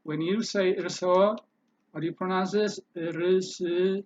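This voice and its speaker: A man's voice: high voice, fairly even intonation, a little fast, highs cut off, slight background noise. A man teaching a language lesson over a screen recording, patiently repeating each pronunciation and thinking aloud as he edits his slides.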